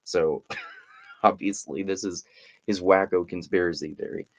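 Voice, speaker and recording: Deep-voiced sarcastic male commentator. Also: fairly even intonation, measured pace, low-quality recording. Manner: sarcastic, profane, rambling. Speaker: commentary channel host. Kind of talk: casual commentary on a book.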